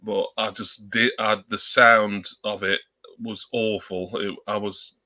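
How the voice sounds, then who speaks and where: Casual streamer, low-ish bright voice, self-mocking and rambling, dry close mic at home. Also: male voice, little pitch movement, slow pace, no room sound. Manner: rambling, self-deprecating, joking. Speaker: live streamer. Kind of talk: casual live-stream chat. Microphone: new external desk mic.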